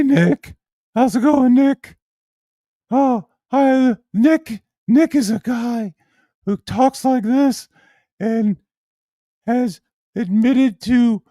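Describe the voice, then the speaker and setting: A man putting on a high, mocking impression of a whiny, awkward young man. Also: warm tone, dry recording, studio quality.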